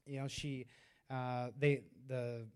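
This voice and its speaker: A man's voice: medium pitch, level tone, takes it slowly, clean tone. A man preaching a sermon in a loose, conversational way, with many fillers and restarts. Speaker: pastor.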